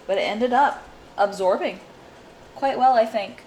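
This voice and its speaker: A woman's voice: fairly high pitch, unhurried, darkish tone, slight background noise. A young woman vlogger chatting casually and upbeat while baking in her home kitchen. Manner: chatty, upbeat, self-deprecating.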